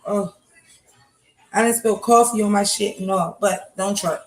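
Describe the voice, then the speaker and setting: A woman's voice: mid-range voice, steady tone, normal speed, faint music behind. A woman hosting a casual morning livestream from home, ranting bluntly and profanely while talking to her chat. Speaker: livestream host. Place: home, kitchen. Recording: echoey room with faint noise.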